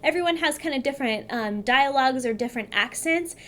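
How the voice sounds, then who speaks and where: Friendly woman from California, casual to-camera vlog chat, a touch high-pitched. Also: lively intonation, fairly quick, fairly bright tone. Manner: chatty, upbeat, addresses viewers directly. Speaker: beauty vlogger.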